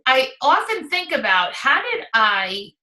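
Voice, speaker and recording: A woman's voice: sits high, very animated, a little slow, bright, forceful tone. A woman in her forties who leads a direct sales team, giving an enthusiastic live training talk. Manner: enthusiastic, coaching. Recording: roomy echo, distant from mic.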